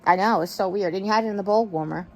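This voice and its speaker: A woman's voice: mid-range voice, very fast. A woman vlogger chatting casually to her viewers from her bed in a rambling, affectionate way. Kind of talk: casual chat to camera. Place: bedroom, in bed. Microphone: wireless earbud mic.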